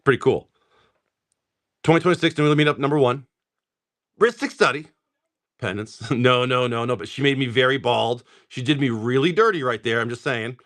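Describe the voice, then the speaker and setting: A man's voice: mid-range voice, fairly bright tone. A young man casually chatting and joking on a live stream as he opens card packs and reads out the names of the cards. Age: young adult. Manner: jokey, rambling, reads card names aloud in quick lists.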